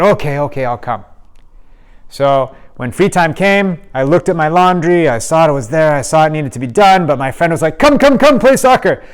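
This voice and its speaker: A male teacher telling a story to his students, slow and hesitant with many pauses and acted voices. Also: on the high side, clean tone.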